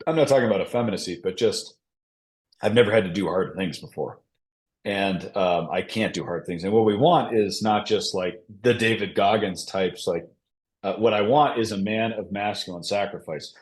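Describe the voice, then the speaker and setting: Frank low-voiced man, priest guest. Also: moderate pace. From Minnesota, United States. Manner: earnest, frank, speaks in long answers. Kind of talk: casual podcast interview.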